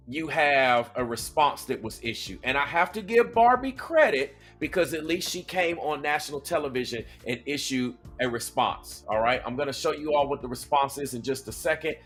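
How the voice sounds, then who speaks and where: A man's voice: medium pitch, a bit bright. Chatty Southern man reacting to clips. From Atlanta, Georgia. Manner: conversational, checks in with "okay?" and "right?". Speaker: reaction video host. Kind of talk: casual commentary.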